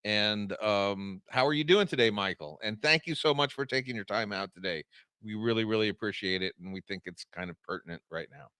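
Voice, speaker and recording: A man's voice: fairly low pitch, a little fast, sharp tone, clear, resonant tone, no room sound. A male co-host introducing a guest and rallying listeners, earnest and a bit hesitant with restarts. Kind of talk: casual chat, introducing guests.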